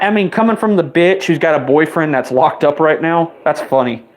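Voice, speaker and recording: A man in his twenties delivering an angry, profane rant, his voice jumping higher whenever he gets riled up. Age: 20s. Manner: heated, rapid-fire swearing, voice spiking up when riled.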